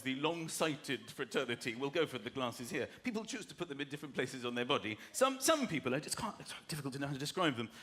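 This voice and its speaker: A man from southern England doing a stand-up comedy routine, animated, mimicking people and putting on voices. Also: a little high, a little hiss or hum. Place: large comedy venue with audience. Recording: echoey venue with loud crowd laughter.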